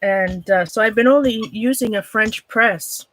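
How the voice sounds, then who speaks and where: A woman with a fairly high, fairly bright voice and a Minnesota accent, recorded in low quality. She chats casually with viewers on her art livestream while demonstrating a craft. Chatty and wandering, she frequently breaks off mid-thought and laughs easily.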